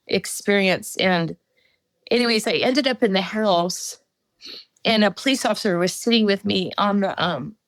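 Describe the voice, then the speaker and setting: A middle-aged woman giving a personal testimony as a podcast guest, halting storytelling with many fillers. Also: mid-range voice, dry recording.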